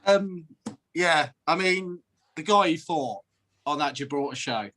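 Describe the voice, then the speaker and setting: A man's voice: fairly high pitch, animated, unhurried, music in the background. A man co-hosting a casual podcast, speaking hesitantly with many fillers and laughing easily. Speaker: co-host.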